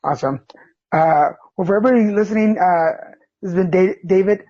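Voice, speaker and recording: A male podcast host chatting casually with a guest, loose and full of ums and easy laughter. His voice sits in the middle range with a slightly husky edge. The recording is dull and lo-fi. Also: high-pitched, brisk. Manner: relaxed, filler-heavy, laughing. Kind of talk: casual interview. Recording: dull lo-fi sound.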